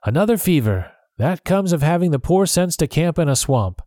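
A man voicing a brisk, stern male doctor in a storybook reading, raising his voice for the part. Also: a little high, big pitch swings, mellow, dry recording, clean studio sound, voice pushed up. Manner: brisk, clipped.

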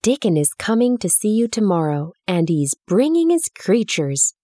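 A woman voicing an earnest, slightly bossy young girl who speaks in a brisk, confiding way. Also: mid-range voice, big pitch swings, warm tone, no room sound, clean studio sound.

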